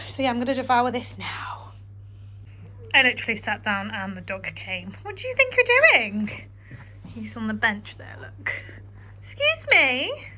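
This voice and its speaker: A woman's voice: high-pitched, poor audio. A young woman vlogging casually from her kitchen, chatty, self-deprecating and a bit out of breath from tiredness. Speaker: vlogger, homemaker. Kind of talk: casual kitchen vlog chat.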